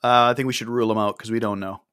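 A man's voice: lowish voice, steady tone, racing, a bit bright, clean tone, no room sound, studio quality. A man hosting a casual podcast chat, reading out listener questions and leading the talk. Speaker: podcast host.

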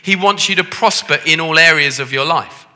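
Man, Liverpool accent, preacher, very bright forceful voice, bit high, long church reverb. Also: normal speed. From Liverpool, England. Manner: jokey, self-deprecating, conversational. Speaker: visiting preacher. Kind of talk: sermon. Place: church hall. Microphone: handheld microphone.

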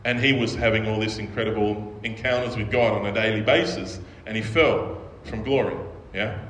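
This pastor's voice is fairly low and fairly bright, moving at normal speed over a little hiss or hum. He preaches in a chatty, conversational style, frequently checking in with the audience with "right?" The room is an echoey hall with faint ambience.

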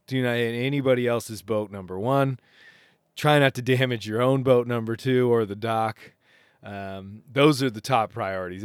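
Smooth-voiced man telling a sailing story. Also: on the low side, no room sound, studio quality. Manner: rambling, animated retelling with laughs and acted quotes. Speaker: podcast host. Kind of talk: casual storytelling monologue.

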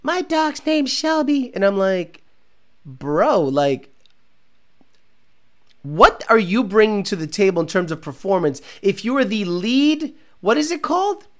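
A man's voice: sits high, sing-song, measured pace, long pauses, fairly bright tone. A man hosting a car show stream, reading viewer comments aloud and ranting in a mocking, profane, casual way. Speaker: car show host reading live chat.

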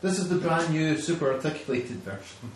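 Podcast host, sweary animated rant, slightly high voice, very echoey room. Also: male voice, fairly quick, a little hiss or hum. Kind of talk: casual ranting chat. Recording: echoey room, distant mic.

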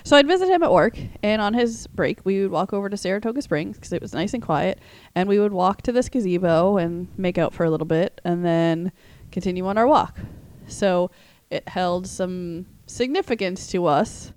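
A woman's voice: fairly low pitch, normal speed, darkish tone. A woman co-hosting a podcast, chatting casually in a blunt, teasing way and swearing now and then. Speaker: podcast co-host. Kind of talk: casual chat.

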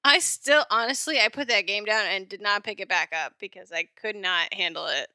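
Very bright-voiced woman, wry podcast banter. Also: medium pitch, brisk, no room sound. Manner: wry, laughs at herself, short agreeing replies. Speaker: podcast co-host. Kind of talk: casual chat.

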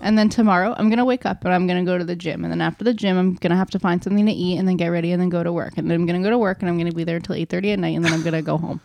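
A woman's voice: on the low side, steady tone, creaky, a little mellow. A woman co-hosting a podcast, casually rambling through her weekly plans. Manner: rambling play-by-play, fast and chatty. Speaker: podcast co-host. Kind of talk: casual chat.

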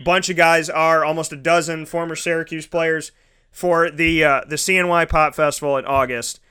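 A man's voice: a little high, level tone, normal speed, bright, forceful tone, clear, resonant tone. A man hosting a casual interview, talking enthusiastically and rambling with restarts. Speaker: host.

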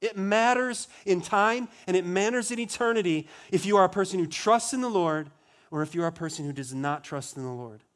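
Male pastor, slightly high voice, sermon delivery with rhetorical questions and hushed solemn drops. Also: fairly quick. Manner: rhetorical questions, rising emphasis on key words; drops to a low, quiet voice on solemn lines.

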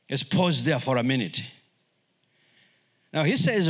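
A middle-aged man who is a missionary, preaching a sermon in English, which is not his first language, lively and acting out voices. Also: mid-range voice, unhurried, long pauses. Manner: animated, acts out voices and laughs often.

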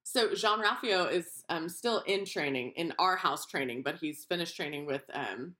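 Lower-pitched woman co-host, chatty and animated, acts out voices. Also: moderate pace. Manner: animated storyteller, acts out quoted voices, laughs often. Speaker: podcast co-host. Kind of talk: casual chat.

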